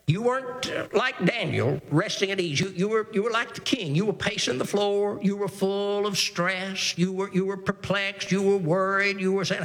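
A man preaching a sermon, reading scripture in a measured cadence and driving points home with repeated phrases and rhetorical questions. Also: high-pitched, steady tone, a bit bright, in a large hall.

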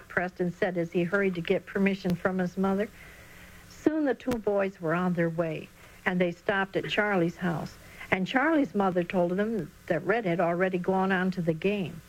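A woman narrating a children's story in an expressive, storytelling manner. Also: mid-range voice, normal speed, poor audio.

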